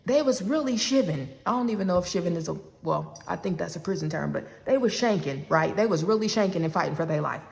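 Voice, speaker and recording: A gravelly-voiced woman in her forties tells a personal story in a loose, chatty way and plays out both sides of a phone call. She turns to her listeners often. Her voice rings with a long reverb. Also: on the low side, fast talker, few pauses. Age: 40s. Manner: animated, acts out both sides of a phone call, talks straight to the audience.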